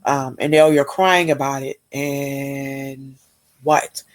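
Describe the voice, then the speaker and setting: A woman's voice: very deep voice, level tone, slow. A woman from Pennsylvania hosting a reaction channel, giving casual, critical, exasperated commentary.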